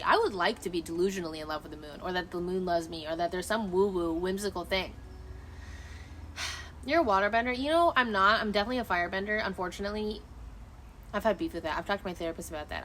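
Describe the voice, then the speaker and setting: A woman's voice: mid-range voice, fairly bright tone. Woman streamer rambling outside at night, emotive, swears a lot, faint background hiss. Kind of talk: casual chat. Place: outdoors at night. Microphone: phone camera.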